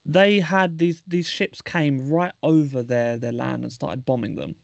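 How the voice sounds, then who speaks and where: Guy hosting a podcast, gravelly voice, dull lo-fi mic, rambly. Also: a little high, measured pace, no room sound. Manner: rambling, steers to new topics. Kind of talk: casual podcast chat.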